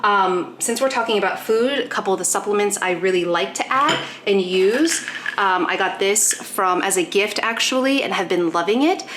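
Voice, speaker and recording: A young woman talks through her morning with her dogs in a casual, chatty vlog voice. She explains each step as she works and slips into sweet baby talk for her pets. Her pitch is mid-range, and a faint hiss and a few clicks sit behind her. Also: lively intonation, normal speed. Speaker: pet vlogger. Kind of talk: casual vlog talk while doing chores. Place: home with dogs.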